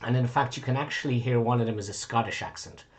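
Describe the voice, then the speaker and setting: A man's voice: medium pitch, fast talker. A man running a tabletop game as game master, rambling and correcting himself with casual swearing.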